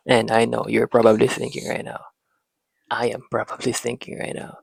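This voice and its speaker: Man, slow parenting-talk host, gravelly husky voice, dry close mic. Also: mid-range voice, completely flat delivery, no echo, low-quality recording. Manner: talks to himself, pauses and restarts. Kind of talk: slow reflective monologue.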